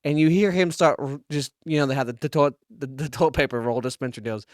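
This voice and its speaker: Dude telling a gross story on a podcast, kinda high voice, dry room sound. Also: male voice, fast talker, no echo. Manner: crude, laughing, animated storyteller. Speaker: podcast co-host. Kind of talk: casual storytelling chat.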